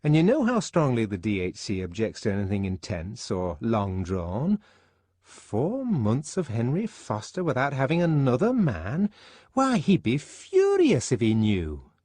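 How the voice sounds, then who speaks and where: A man reading an audiobook, voicing a prim, gossiping young woman who scolds in a shrill, sing-song way. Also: wildly swooping pitch, a little slow, warm tone, no echo. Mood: earnest.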